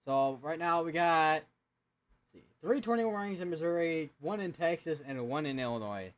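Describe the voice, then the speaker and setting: A man's voice: on the high side, expressive, moderate pace. A young man hosting a live severe weather stream, talking casually with lots of fillers and restarts as he checks radar and alerts at his computer.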